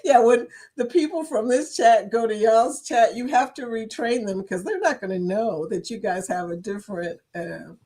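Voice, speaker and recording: A woman's voice: on the high side, normal speed, hardly any pauses, mellow. A woman hosting a casual live-stream chat, talking to viewers by name and laughing often. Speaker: livestream chat host.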